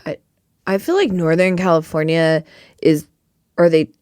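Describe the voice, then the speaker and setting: A woman's voice: low-pitched, moderate pace, darkish tone, no room sound, clean studio sound. A young woman from Reno co-hosting a podcast in casual chat, blunt and profane, slipping into mimicked accents. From Reno, Nevada. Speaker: podcast co-host.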